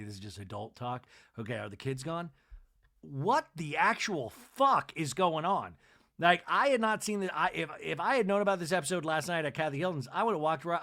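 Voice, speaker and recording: A male podcast host recapping reality TV with irreverent glee. He swears freely and giggles between lines, his voice sitting on the higher side for a man. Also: a bit bright.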